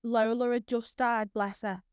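A woman's voice: on the high side, level tone, measured pace, clean tone, dry recording, clean studio sound. A woman from Britain co-hosting a podcast, chatting in an easygoing way with lots of "like.". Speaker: podcast co-host. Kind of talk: casual chat.

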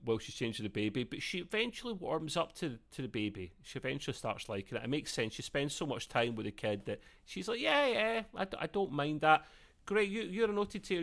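A man co-hosting a relaxed show review, talking in an easy, chatty way. He laughs often and slips into quoted voices as he recaps. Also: mid-range voice. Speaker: podcast co-host. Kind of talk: casual review chat.

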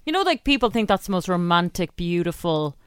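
A woman's voice: fairly low pitch, very animated, a little fast, clear, resonant tone, dry recording, clean studio sound. A woman co-hosting a radio podcast, chatty and self-deprecating in casual talk. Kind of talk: casual chat.

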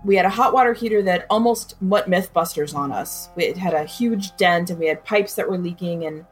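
A woman's voice: on the low side, normal speed, faint music behind. A woman recounting a personal ordeal in an interview, acting out what others said. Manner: expressive, acts out quoted voices.

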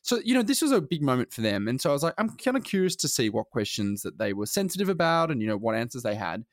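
A man's voice: medium pitch, sing-song, fast talker, no room sound, clean studio sound. A man, co-hosting a podcast in casual chat, rambling with many fillers and restarts. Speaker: podcast co-host.

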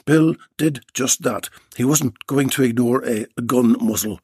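A man's voice: medium pitch, unhurried, a little mellow, breathy edge, no room sound, studio quality. A man narrating a story chapter in a wry, dramatic reading style.

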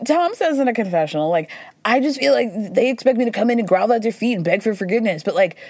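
A woman hosting a podcast, recapping reality TV in a chatty, sarcastic way with quick asides and playful impressions of the people she quotes. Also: a little high, expressive, darkish tone, no echo. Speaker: podcast host. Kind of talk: casual recap commentary.

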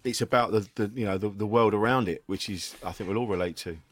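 A middle-aged man hosting a relaxed chat, laughing often and swearing casually. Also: lowish voice, fast talker. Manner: laid-back, laughs easily, swears casually. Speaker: podcast host.

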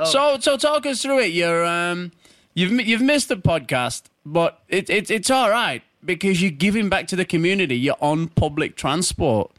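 An Australian man with a high voice co-hosts a sports chat. He sounds close and dry on the mic and laughs often while he teases. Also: animated, moderate pace, a bit bright, no room sound. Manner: laughing, cheeky teasing. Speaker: co-host. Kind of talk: casual banter.

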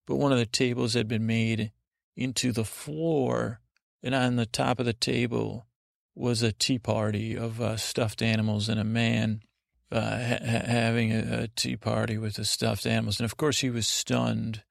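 A man hosting a podcast, telling a rambling, halting bedtime story in a gravelly voice. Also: medium pitch, no room sound, clean studio sound. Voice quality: gravelly, creaky. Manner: meandering, halting, monotone delivery. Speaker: podcast host.

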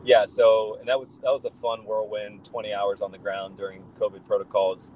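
A man's voice: fairly low pitch, little pitch movement, normal speed, a little mellow, slight background noise, low-quality recording. A man speaking as a podcast guest, telling rambling, enthusiastic stories full of fillers and restarts. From United States. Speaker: guest, football fan. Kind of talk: casual podcast chat.

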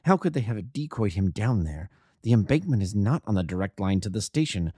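A man reading the part of a grave, proud male detective, speaking low, quiet and measured with bitter resolve. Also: big pitch swings, breathy edge, no echo, studio quality. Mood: determined.

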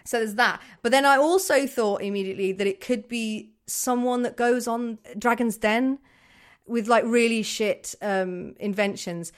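A woman in her thirties co-hosting an improvised comedy chat, animated and laughing often. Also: fairly high pitch, a little slow, clean tone. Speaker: co-host.

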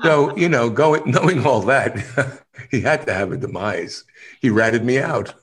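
At a measured pace and medium pitch, a male actor spins stories in an informal interview. He's animated throughout, often laughing and playing out the lines of others.

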